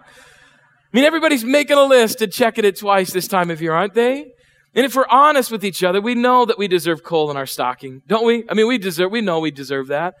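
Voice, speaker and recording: In church, a middle-aged man preaches in a high, animated, fairly bright voice at a fairly quick clip. He's the pastor, and his sermon is conversational, peppered with questions to the congregation and acted-out voices.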